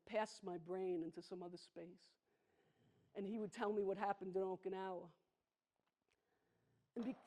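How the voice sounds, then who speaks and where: Woman in her 60s doing a solo stage monologue, intimate, leans hard on key words, mid pitched voice. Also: mellow. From the Bronx, New York. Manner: intimate, emphatic, slows down on heavy moments. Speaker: solo performer. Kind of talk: theatrical storytelling monologue. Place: theatre stage.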